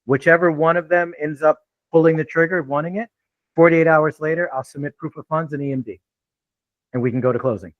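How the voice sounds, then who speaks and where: A man's voice: on the high side, fairly even intonation, a little fast, dry recording, highs cut off. A man giving an unscripted real estate training talk in a blunt, laid-back way with frequent swearing.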